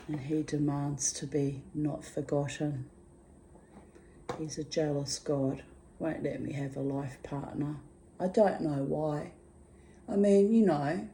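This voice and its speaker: A woman's voice: low-pitched, dark tone, slight background noise. A woman talking candidly in a casual video diary, rambling and muttering asides to herself. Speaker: vlogger.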